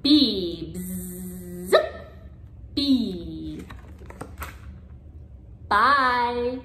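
A woman speech language pathologist modeling simple sounds and words for toddlers in a playful, sing-song, drawn-out way. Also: on the low side, animated, sharp tone, echoey room, a little hiss or hum. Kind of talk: slow, exaggerated word modeling for toddlers.

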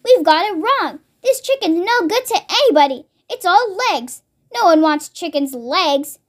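A child reading as an excitable farmer dad. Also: extremely high pitch, unhurried, exaggerated voice. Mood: impatient. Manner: shouting, eager and impatient. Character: excitable, jumpy father on a farm. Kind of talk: read-aloud storybook.

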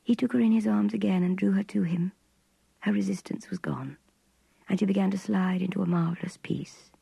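An older woman narrating a literary novel in a hushed, intimate, measured voice. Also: medium pitch, creaky, slightly rough, no echo, rough recording. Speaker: reader.

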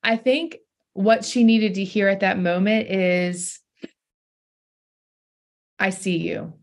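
A woman's voice: medium pitch, steady tone, slow. A young adult woman, a pastor and podcast guest, telling a personal story in an earnest, heartfelt way. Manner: heartfelt, earnest, laughs through tears.

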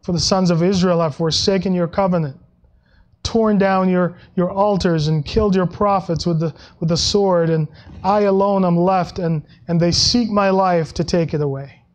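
A male pastor preaching a sermon in a conversational way, with frequent restarts and soft laughs, and dropping his voice when he quotes scripture. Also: fairly even intonation, moderate pace. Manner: acts out Bible quotes in a lower voice.

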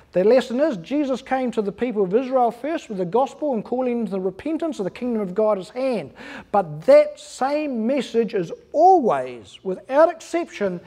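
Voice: medium pitch, warm tone. A pastor preaching an earnest, emphatic sermon in church, asking the congregation rhetorical questions.

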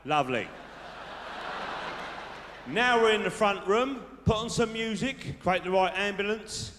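A man plays a cocky South London lad handing out dating tips, chatty and sure of himself. His voice sits a little high. Long hall reverb and faint noise come from a live theatre show. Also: lively intonation, a little slow. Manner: boastful, chummy, tag questions. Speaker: stand-up comedian in character. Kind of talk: live stand-up character monologue. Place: large theatre stage with audience.

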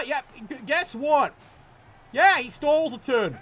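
A man commentating a tabletop-style video game match casually, excitable and profane, stammering when worked up. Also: very high-pitched, slow pace.

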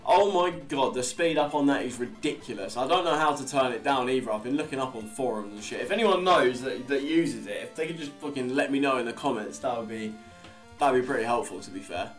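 A young man talks through his game in a loose, rambling way, with a middle-pitched voice. He chats and swears casually as he plays. Faint guitar music runs behind him. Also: a little fast. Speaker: Let's Play host. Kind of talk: casual gameplay commentary.

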